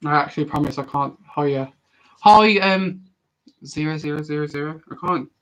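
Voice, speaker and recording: Young guy in his twenties, slightly high voice, casual live-stream chat, animated, rambling, restarts sentences often. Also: moderate pace, poor audio. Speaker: streamer answering viewer questions.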